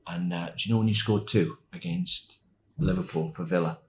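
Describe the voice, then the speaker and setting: A man in his sixties, a former footballer, telling animated anecdotes as a podcast guest and laughing as he goes. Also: deep voice, normal speed. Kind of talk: anecdotal storytelling.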